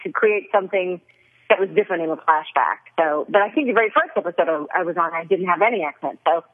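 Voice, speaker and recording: A woman guest talking through an interview, chatty and quick to laugh, often restarting her sentences. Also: on the low side. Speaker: actress guest. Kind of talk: casual interview over a phone line. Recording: tinny phone line.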